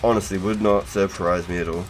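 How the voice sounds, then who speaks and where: A man's voice: deep voice, steady tone, a little fast, faint music behind. A young man with a New Zealand accent, chatting casually and slangily to viewers on a game live stream, swearing freely.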